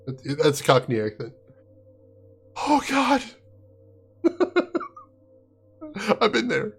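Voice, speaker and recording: Chatty game streamer guy, husky and a bit high, laughs a lot. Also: huge pitch swings, extremely slow, soft background music. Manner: chatty, laughs often, answers viewers by name. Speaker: game streamer reading chat. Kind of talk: casual live-stream chat.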